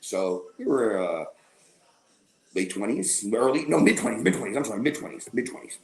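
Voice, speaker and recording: A man's voice: lowish voice, moderate pace, creaky. A man telling a long, rambling story on a casual podcast, acting out the lines of the people in it. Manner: animated, rambling storyteller who acts out quoted dialogue. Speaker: podcast co-host. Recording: roomy echo.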